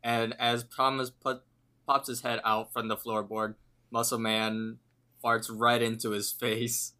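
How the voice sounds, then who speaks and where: A man's voice: medium pitch, level tone, a little slow, bright, forceful tone. A man co-hosting a podcast, casually retelling a cartoon episode scene by scene and quoting the characters' lines in a lifted voice. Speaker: podcast co-host.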